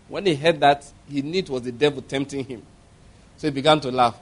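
A man's voice: on the high side, quick pace. A man preaching a sermon, telling a story with acted laughter and emphatic direct questions to the congregation.

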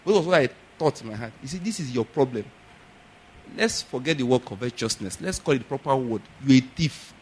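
A man preaching a sermon, telling stories with animated swings between loud exclaims and quieter asides. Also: mid-range voice, brisk, slight background noise. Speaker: pastor.

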